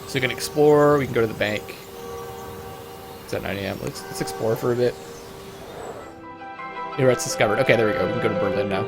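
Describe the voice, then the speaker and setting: A man playing a text adventure game, reading its narration aloud and thinking out loud over his choices. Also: medium pitch, creaky, music in the background. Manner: reads narration in a plain measured voice, thinks aloud between choices. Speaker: let's play gamer.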